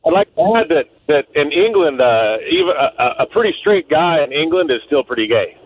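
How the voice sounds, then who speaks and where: A man's voice: fairly high pitch, big pitch swings, a little fast, husky, dry recording. A man calling in to a talk show, speaking hesitantly with many fillers. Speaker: caller. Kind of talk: phone-in chat. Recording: tinny phone line.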